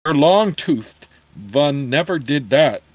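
A man voicing a greedy old dwarf weaponsmith who talks slowly in a thick accent with broken grammar, matter-of-fact and a bit cross. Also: medium pitch, animated, no room sound. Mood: gruff.

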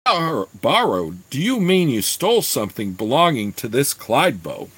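A man's voice: medium pitch, very animated, moderate pace, a bit bright, husky, dry recording. A man reading aloud voices a one-eyed bard who is stern but kindly with two boys. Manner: commanding, fatherly.

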